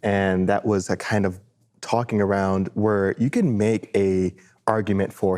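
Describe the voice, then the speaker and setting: A man co-hosting a podcast, explaining ideas in a thoughtful, halting way. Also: fairly low pitch, steady tone, darkish tone. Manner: thoughtful, halting, restarts phrases. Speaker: podcast co-host. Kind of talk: casual market discussion.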